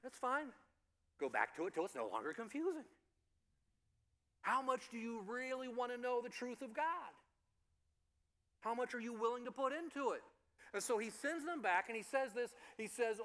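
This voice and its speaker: A man delivers a sermon in a high, bright, forceful voice. He builds to emphatic lines and drops low and soft for quieter ones, with ums while explaining. The sound rings with a long hall reverb. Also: lively intonation, moderate pace, long pauses. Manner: uses fillers like um and uh while explaining. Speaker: pastor.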